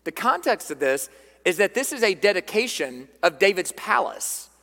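Male pastor, emphatic sermon delivery with repetition, bright edge, long reverb from the sanctuary. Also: high voice, big pitch swings, moderate pace, gravelly. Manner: emphatic preaching, repeats key phrases, reads scripture aloud.

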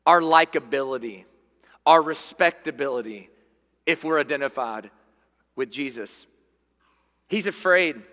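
Southern preacher in a reverberant hall. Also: male voice, high voice. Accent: Southern American. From American South. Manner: earnest preaching, dropping to hushed tones for emphasis. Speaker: pastor. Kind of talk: sermon. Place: church sanctuary.

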